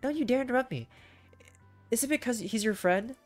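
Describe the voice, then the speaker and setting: A sneering, hot-tempered rich teenage boy from a storybook reading, as a woman puts him on, barking loud, bossy lines. His voice jumps up and down, with faint music behind. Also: medium pitch, animated, moderate pace, lightly acted. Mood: angry.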